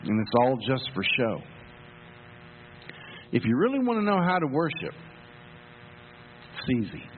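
A man's voice: mid-range voice, huge pitch swings, a little slow. A man preaching a sermon as pastor, telling a story with emphatic repetitions. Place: church sanctuary. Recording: phone-like sound in a reverberant hall, faint hum.

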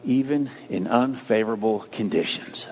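A man's voice: on the low side, normal speed. A man preaching a sermon, emphatic and repetitive, shifting the stress from word to word. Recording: dull lo-fi sound with faint hum.

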